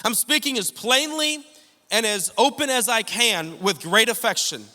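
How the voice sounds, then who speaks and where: A man's voice: extremely high pitch, unhurried, sharp tone. A male pastor preaching a sermon to his congregation, telling funny stories and teasing the room. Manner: joking, storytelling preacher addressing congregation. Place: church service hall with congregation. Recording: long hall reverb.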